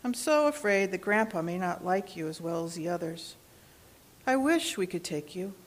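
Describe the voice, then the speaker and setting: Storybook mother rabbit, gentle and worried, lively melody, read by a woman. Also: fairly low pitch, normal speed. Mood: troubled.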